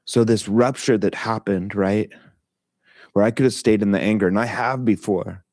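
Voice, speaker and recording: A man's voice: fairly low pitch, steady tone, moderate pace, a little mellow, no echo, studio quality. A middle-aged man leading a meditation talk, telling a personal story in a candid, casual way with frequent swearing, laughter and fillers.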